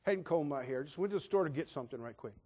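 A male pastor preaching a sermon with humor, swinging between loud emphatic bursts and quiet, dry asides. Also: on the high side, expressive, very fast.

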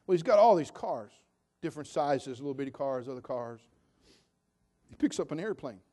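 A man's voice: fairly high pitch, lively intonation, normal speed, dark tone. An older man preaching a sermon in a folksy, homespun storytelling way with fervent conviction.

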